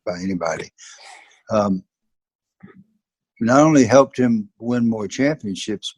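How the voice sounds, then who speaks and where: Husky older man with a Southern accent. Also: on the low side, a little mellow, no room sound. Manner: earnest, emphatic storyteller. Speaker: guest, former football player and coach. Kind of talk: interview, personal storytelling.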